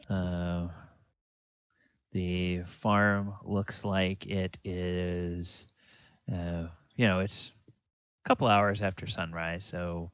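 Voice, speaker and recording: A man narrating a tabletop game as dungeon master, pausing often with fillers. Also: sits low, fairly bright tone, clear, resonant tone, no room sound. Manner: hesitant, many fillers. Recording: dull lo-fi, dry sound.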